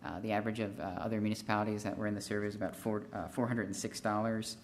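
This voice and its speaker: A man's voice: on the low side, flat delivery, racing, a little hiss or hum. A man consultant giving a formal presentation at a city council meeting, methodical and figure-heavy, with frequent fillers and restarts. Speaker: consultant presenting a fee study.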